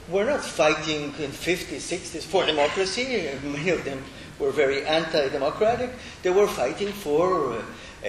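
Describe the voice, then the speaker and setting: Halting man lecturing in an echoey room. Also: fairly bright tone. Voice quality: halting, many fillers and tag "no?". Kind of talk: academic lecture. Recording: echoey room with faint rumble.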